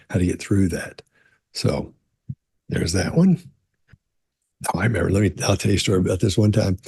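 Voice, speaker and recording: A man's voice: fairly low pitch, warm tone, breathy edge, dry recording. A middle-aged man with a conversational style, answering questions about body language and telling stories with frequent restarts. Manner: conversational, storytelling, frequent restarts and "you know". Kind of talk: casual explanatory talk to camera.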